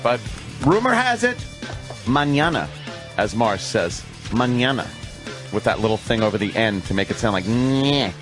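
A man hosting a radio show, bantering loudly and cracking jokes. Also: lowish voice, moderate pace, music in the background. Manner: loud, mock-energetic, joking.

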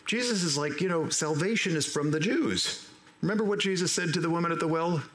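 A man preaching a sermon as pastor, animated and acting out the voices of the people he quotes. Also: on the high side, fairly quick. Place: church sanctuary. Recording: roomy church echo.

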